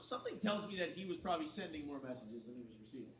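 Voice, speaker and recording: Racing along in a voice on the high side, this morning show host animatedly relates a bar story during casual studio chat, acting out the quotes. The audio has a little hiss or hum and a roomy, distant quality, with a crowd in the background.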